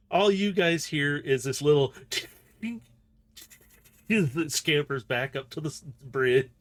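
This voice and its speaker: A man running a tabletop game, narrating loosely and breaking into laughter. His voice sits a little high for a man, in a casual session chat over a call. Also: slow pace, long pauses. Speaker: game master.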